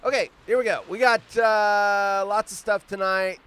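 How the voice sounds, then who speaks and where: Out on vacation, a fifty-something man hosts a relaxed live stream outdoors, cursing, rambling, and drifting into quick tangents. His voice sits high and is steady, smooth, and fairly bright.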